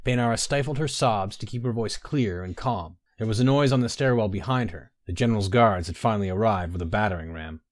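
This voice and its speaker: A man narrating a fantasy story in a measured, even storytelling manner. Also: fairly low pitch, no room sound, clean studio sound.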